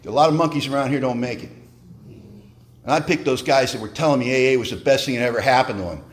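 A man sharing his story at a recovery meeting, animated and joking in a wry way. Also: medium pitch, fast talker, slight background noise.

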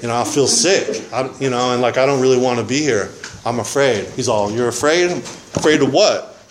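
A man's voice: mid-range voice, steady tone, a little fast, a little hiss or hum. A man telling his recovery story at a meeting in a casual, rambling, slangy way, often saying man and dude. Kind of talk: casual personal testimony.

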